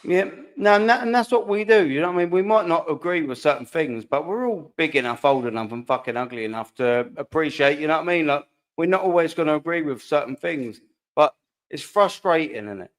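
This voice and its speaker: A man hosting a football fan show, talking fast through his frustration with friendly asides to the panel. His voice sits a little high for a man. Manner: animated, frustrated, chatty with filler asides. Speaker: host.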